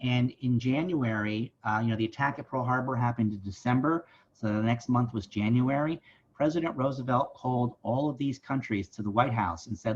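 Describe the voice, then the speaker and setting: This museum educator gives a virtual site visit talk at a library, chatting about history and regularly checking in with a "right?" His voice is medium-pitched and slightly rough at a normal speed, and the sound is lo-fi.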